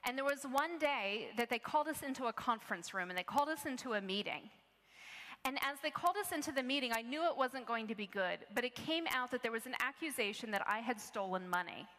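Woman preacher, bright and forward tone, earnest storyteller, reverberant hall. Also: fairly high pitch, expressive, fast. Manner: earnest storytelling, many restarts. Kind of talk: sermon.

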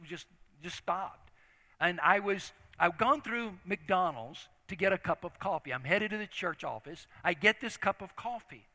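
Older preacher in an echoing hall. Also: male voice, high voice, pushed and bright. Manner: conversational, earnest, frequent restarts. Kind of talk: storytelling sermon. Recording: long reverb of a large hall.

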